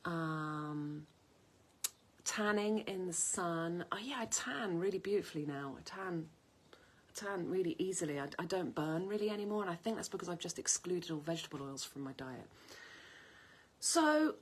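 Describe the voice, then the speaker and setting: A health and cooking vlogger in her fifties chats casually to camera from her countryside home kitchen. Her voice is fairly low and slightly rough, and she's a chatty storyteller who rambles from one story to the next and wanders off topic.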